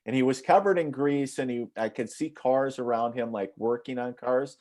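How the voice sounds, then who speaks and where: A man's voice: mid-range voice, normal speed, darkish tone. A man from northern Minnesota, a psychic medium, telling rambling anecdotes as a guest in a casual interview. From northern Minnesota, USA. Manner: rambling, anecdotal, frequent fillers.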